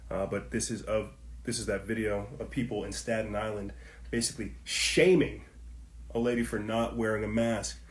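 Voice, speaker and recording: A podcast host with a lowish voice talks straight to his listeners about politics at normal speed and in a steady tone. He's heated and preachy, circling back to the same points, and the room sounds echoey.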